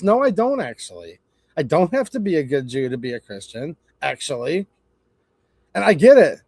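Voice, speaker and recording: A man's voice: medium pitch, expressive, fairly quick, darkish tone, no room sound, studio quality. A man hosting his own channel, ranting sarcastically in a rambling live-stream commentary. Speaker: channel host.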